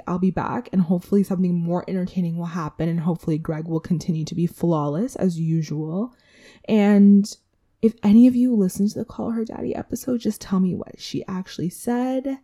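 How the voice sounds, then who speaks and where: A woman's voice: lowish voice, dark tone. A woman hosting a casual solo podcast recap, chatty and candid, with swearing and asides to herself. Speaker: podcast host.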